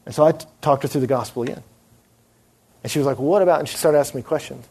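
A young man preaching a sermon, telling a lively story and acting out the people in it. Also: medium pitch, quick pace, breathy edge. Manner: animated storyteller acting out quoted voices.

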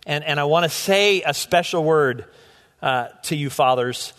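A man's voice: on the high side, unhurried, a bit bright. A middle-aged man preaching a sermon as pastor, earnest and often restarting his words. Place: church sanctuary. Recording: long hall reverb.

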